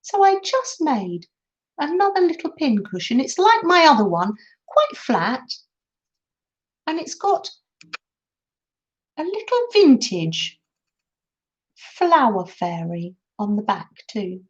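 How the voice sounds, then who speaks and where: A woman's voice: sits high, very animated, takes it slowly, long pauses. A middle-aged woman chatting to viewers as she hosts a crafting live stream, giggling often. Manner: chatty, giggly, talks to viewers while working. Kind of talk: casual crafting tutorial chat. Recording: dull lo-fi sound.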